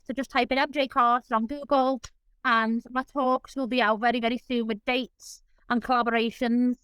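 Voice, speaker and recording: A woman's voice: fairly high pitch, a bit bright, clear, resonant tone, no echo, low-quality recording. A woman guest in an interview, talking in an effusive, openly emotional way. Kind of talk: casual interview chat.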